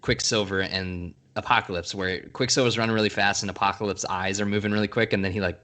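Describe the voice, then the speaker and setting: Male podcast co-host, low voice, loose and rambling review talk. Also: steady tone, fast talker, pushed and bright. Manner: rambling, laughs often, restarts. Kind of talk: casual film review chat.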